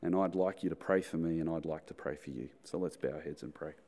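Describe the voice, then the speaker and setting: A man's voice: very deep voice, quick pace, warm tone. A man with an Australian accent preaching a sermon as pastor, playful in his storytelling. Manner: playful storytelling with acted snack-sharing voices. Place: church hall. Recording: long church-hall reverb.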